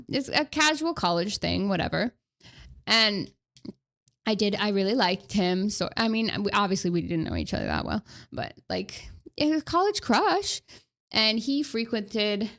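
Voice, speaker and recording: A young woman in her twenties chats through a personal story for her stream. She talks in a loose, rambling way, stops and starts her sentences, and fills gaps with "like" and "um". Her voice sits at an ordinary middle pitch for a woman. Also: fairly bright tone. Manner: rambling, with many fillers and restarts; chatty and conversational. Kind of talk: casual storytime chat.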